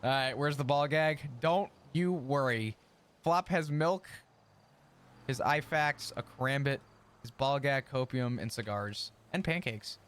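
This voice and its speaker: A man's voice: mid-range voice, measured pace, a bit bright. A man streaming a roleplay game in character, chatting in a profane, ranting way and laughing often. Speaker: streamer role-playing his character.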